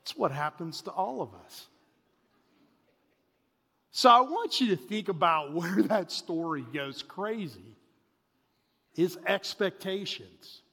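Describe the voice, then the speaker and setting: A man in his forties preaching a sermon, telling a family story in an animated way that swings between loud bursts and hushed asides. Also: sits high, takes it slowly, vocal fry, long pauses, slightly rough. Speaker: pastor. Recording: reverberant hall.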